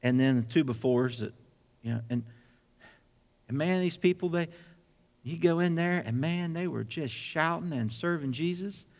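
A man preaching a sermon, telling a personal story with lively acted-out dialogue. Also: a little high, normal speed, pauses often, in a large hall. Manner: animated storyteller acting out dialogue. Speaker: pastor.

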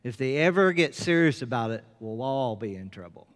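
A man voicing a sly, menacing male devil as a sermon illustration, in a low growl. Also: expressive, a little fast, in a large hall, natural voice.

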